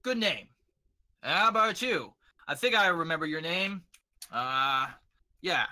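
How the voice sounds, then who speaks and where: A man runs a tabletop game with animated narration, his pitch swinging widely. His voice is bright and forceful. He sits a little high for a man. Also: unhurried. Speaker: game master.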